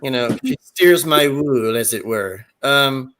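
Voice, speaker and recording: A man's voice: medium pitch, expressive, takes it slowly, a bit bright. A man telling rambling, crude comic anecdotes in casual talk and slipping into voice impressions. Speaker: storyteller.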